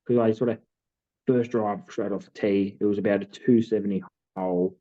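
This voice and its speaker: A man with a lowish voice tells a story in relaxed podcast chat, wandering through fillers and restarts. The sound is thin and tinny, as if it came over a phone line. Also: fairly quick. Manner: rambling storytelling with many fillers. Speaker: podcast co-host. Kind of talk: casual chat.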